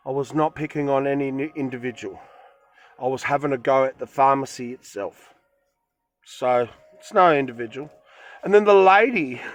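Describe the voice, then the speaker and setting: Emphatic rambling man with a high voice. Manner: rambling, repeats himself, emphatic retelling. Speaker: vlogger. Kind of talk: casual storytelling to camera. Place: van in a forest.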